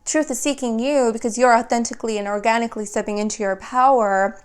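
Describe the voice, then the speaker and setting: Young woman, fairly high voice, tarot reader; talks fast, restarts and loops phrases. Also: steady tone, smooth. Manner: flowing, rapid, repeats and restarts phrases. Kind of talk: spiritual tarot reading.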